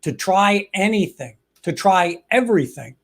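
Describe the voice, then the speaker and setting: Man, co-host, casual chat, coaching tone, high-pitched voice. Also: lively intonation, a little slow, a bit bright. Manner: coaching tone, spells out the lesson. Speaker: podcast co-host.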